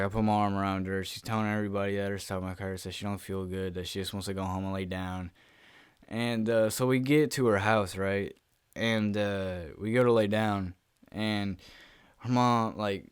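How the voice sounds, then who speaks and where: A young man telling a casual, profanity-laced storytime vlog, animated and laughing as he goes. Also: fairly low pitch, clean tone, no room sound, studio quality. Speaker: YouTuber.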